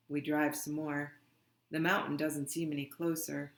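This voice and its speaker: A reader reading a children's novel aloud, slow and deliberate. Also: medium pitch, level tone. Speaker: audiobook reader. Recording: roomy, echoey room.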